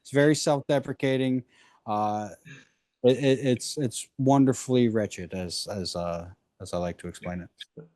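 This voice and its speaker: A man's voice: medium pitch, moderate pace, a little mellow, no room sound. Man, podcast guest, musician, rambling, self-deprecating, dry close sound. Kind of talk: casual chat.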